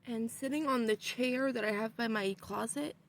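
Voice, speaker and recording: A young adult woman vlogger telling a story in a casual way, with animated delivery and frequent swearing. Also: on the high side, moderate pace.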